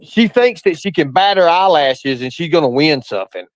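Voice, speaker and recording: High, lively-voiced man from ranting. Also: moderate pace, dry recording, poor audio. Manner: blunt, profane, defensive, repeats himself for emphasis. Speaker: guest caller on a live stream. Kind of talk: ranting casual chat.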